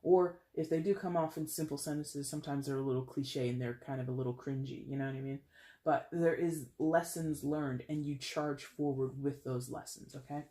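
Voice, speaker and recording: A woman's voice: very deep voice, steady tone, dark tone. A woman giving a casual tarot reading, talking in a chatty, rambling way with playful asides and lots of filler words. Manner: chatty and rambling, full of "you know" and "like"; playful asides and quick laughs. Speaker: tarot reader.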